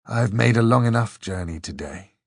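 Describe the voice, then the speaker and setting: A man voicing a hoarse, weary aristocratic man who half-whispers his lines. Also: lowish voice, animated, moderate pace, no room sound, clean studio sound.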